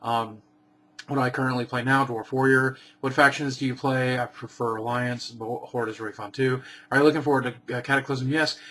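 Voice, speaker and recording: Man vlogger, casual Q&A, deadpan short answers, mid-pitched voice. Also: brisk. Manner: reads questions aloud then answers dryly and briefly. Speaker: vlogger answering viewer questions.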